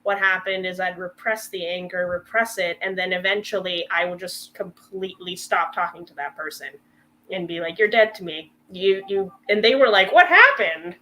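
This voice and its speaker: A woman's voice: fairly low pitch, normal speed, a little hiss or hum. A woman guest in casual chat, telling stories about her relationship and acting out what she and her partner said, often laughing. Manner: animated, acts out her own past quotes with laughs.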